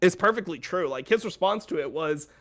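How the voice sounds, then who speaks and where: A man's voice: high voice, animated, brisk, a bit bright. A young man hosting a podcast, talking casually with blunt, profane, exasperated rants. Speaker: podcast host.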